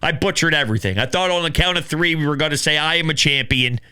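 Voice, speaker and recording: A man hosting a casual sports talk show, taking calls and rambling excitably. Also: on the high side, fast talker, clean tone. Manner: excitable, laughing, rambling with restarts. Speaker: sports podcast host.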